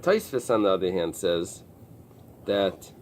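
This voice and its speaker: Low-voiced rabbi teaching Talmud, halting. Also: male voice, big pitch swings, darkish tone, a little hiss or hum. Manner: explains in halting restarts with many fillers. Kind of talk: early-morning Talmud class. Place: synagogue study room with a small group.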